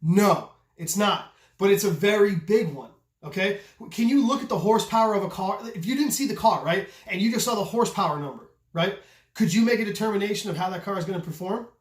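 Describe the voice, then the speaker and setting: A man who runs a knife channel, talking loudly and passionately in a casual rant, swearing freely and asking rhetorical questions. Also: high-pitched, a little fast. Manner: loud, passionate, voice carries; profane, repetitive restarts, rhetorical questions. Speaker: custom knife maker and channel host. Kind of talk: casual opinion rant to camera. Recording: echoey room.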